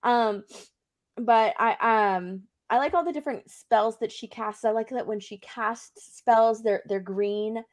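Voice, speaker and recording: Woman, casual chat co-host, fairly high voice, eager, laughs a lot, trips over words. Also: measured pace. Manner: enthusiastic, giggly, stumbling restarts. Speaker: podcast co-host.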